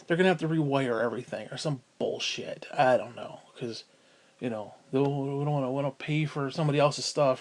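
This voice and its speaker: A man's voice: medium pitch, fairly even intonation, fairly quick. A man venting at home in a casual vlog, profane and sighing as he rants. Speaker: vlogger.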